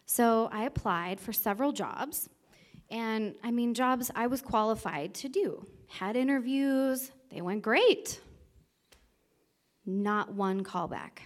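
A woman's voice: mid-range voice, unhurried. A woman preaching a casual sermon, telling a personal story in a chatty way and often checking in with the listeners. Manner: conversational, laughs lightly, checks in with okay.

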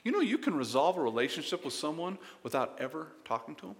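A man preaching a sermon as pastor, emphatic and conversational, swinging between loud bursts and quiet asides and often repeating words. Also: fairly high pitch, big pitch swings, quick pace, in a large hall.

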